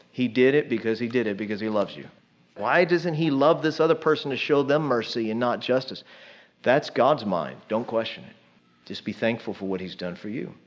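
A man's voice: lowish voice, lo-fi sound. Conversational preacher man. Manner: conversational, asks the congregation questions. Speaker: pastor. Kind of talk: sermon.

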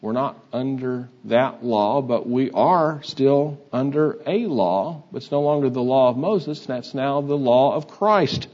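Older male preacher, unhurried and halting, muffled lo-fi recording. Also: mid-range voice, a little mellow. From Texas. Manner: halting, many uh fillers, conversational. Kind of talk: sermon. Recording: dull lo-fi sound.

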